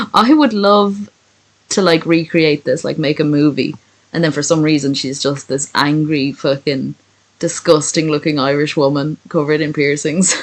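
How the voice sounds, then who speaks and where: A woman's voice: low voice, measured pace, low-quality recording. A woman reading a story aloud for laughs, breaking off for crude, joking asides. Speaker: reader of a fan story. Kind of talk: comic reading aloud with commentary.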